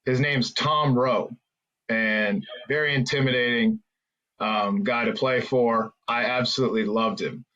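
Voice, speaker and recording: A man's voice: mid-range voice, steady tone, a little slow, bright, forceful tone, muffled recording. A man, a former hockey player, rambling through anecdotes as a podcast guest, with many fillers and restarts. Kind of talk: casual storytelling interview.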